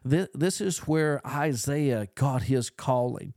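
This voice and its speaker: A man's voice: medium pitch, slow, darkish tone, dry recording, clean studio sound. A man preaching a podcast sermon in an earnest, emphatic way, building on repeated phrases.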